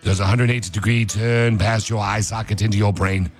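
A man's voice: fairly low pitch, steady tone, a little fast, faint music behind. A man hosting a casual chat, joking around and rattling off rambling fun facts. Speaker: host.

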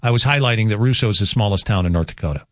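A man's voice: fairly low pitch, very fast, no echo. A man hosting a local radio morning show, chatting casually and joking with a guest and taking listener texts from a studio. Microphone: studio mic.

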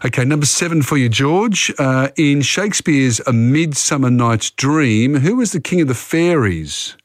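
A man's voice: medium pitch, animated, normal speed, no room sound, studio quality. Chatty man hosting radio quiz. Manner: chatty, reads questions then talks them through. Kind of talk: casual radio quiz chat.

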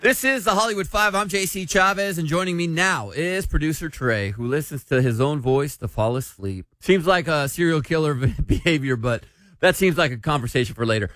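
A man's voice: a little high, animated, moderate pace, fairly bright tone, faint music behind. A man hosting a short entertainment news segment, joking and teasing his co-host in casual chat.

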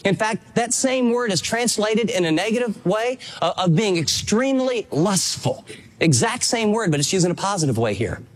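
A male pastor delivering a sermon with a high, light voice. He speaks in an earnest, emphatic tone and leans into each point. He moves easily between teaching and everyday conversational asides. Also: animated, moderate pace. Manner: earnest, emphatic preaching with acted-out quotes.

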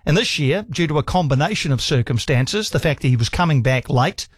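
A man's voice: on the high side, expressive, a little fast, breathy edge, dry recording, clean studio sound. A man hosting a sports radio call-in show, enthusiastic, laughing often and reeling off stats. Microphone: studio microphone.

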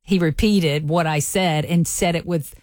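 A woman's voice: low voice, a little slow, a little mellow, dry recording, studio quality. A woman from rural Alabama with a Southern country twang, co-hosting a radio show in folksy, laughing banter. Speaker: radio co-host.

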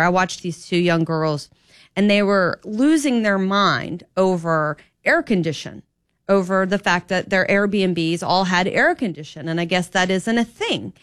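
A woman hosting an opinion talk radio show as a fill-in, talking in an animated, opinionated and rambling way into a studio microphone. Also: on the low side, smooth, dry recording.

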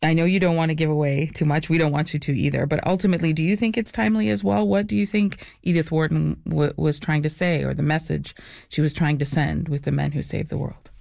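A man's voice: fairly high pitch, steady tone, fast talker, vocal fry, darkish tone, dry recording. A man hosting an interview, asking reflective, open questions. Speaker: interview host.

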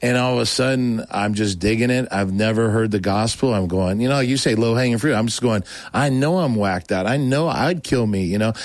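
A man's voice: lowish voice, brisk, hardly any pauses, no room sound. A middle-aged man from Oregon telling his conversion story as a guest, rambling with many restarts and laughing asides. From Oregon, USA. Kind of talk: casual testimony.

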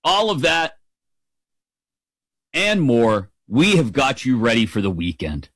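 A middle-aged man hosting sports talk radio, in an upbeat, playful way that wanders from topic to topic. His voice sits at an ordinary pitch. The studio sound is dry and close. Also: sing-song, slow pace, a bit bright, dry recording, rough recording.

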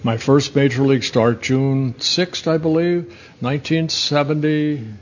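An older man in his sixties spins long, rambling anecdotes with restarts and the odd chuckle. His voice sits at an ordinary middle pitch. The audio is slightly dull and muffled. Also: a little slow, darkish tone. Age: 60s. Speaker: former pitcher and broadcaster guest. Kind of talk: casual storytelling interview.

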